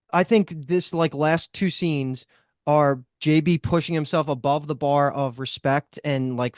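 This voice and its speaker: A man's voice: fairly high pitch, smooth, dry recording, studio quality. A man co-hosting a casual TV review podcast, talking in a rambling way with lots of fillers and restarts. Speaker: podcast co-host.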